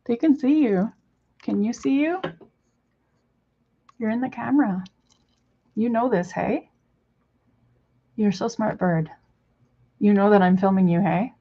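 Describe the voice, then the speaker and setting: A woman's voice: mid-range voice, measured pace, pauses often, slightly rough, dull audio. A woman chatting casually to her pet bird in cooing baby talk, swearing now and then. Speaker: vlogger.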